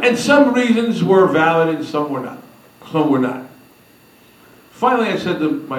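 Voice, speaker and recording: A man giving a humorous storytelling speech at a convention, animated and acting out the people he quotes. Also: a little high, normal speed, pauses often. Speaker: speaker at a convention. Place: large hall. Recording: echoey hall from a distance.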